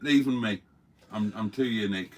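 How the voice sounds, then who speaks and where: A man's voice: lowish voice, normal speed, slight background noise. An older man co-hosting a casual live stream, reading out viewer comments with wry, self-mocking banter.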